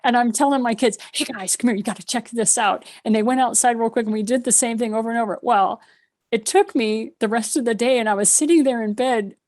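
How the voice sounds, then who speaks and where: A woman's voice: a little high, fast talker, darkish tone. A middle-aged woman, a guest on a video call, telling personal stories with lots of laughter and acting out her own thoughts. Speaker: guest, spiritual author. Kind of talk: conversational storytelling.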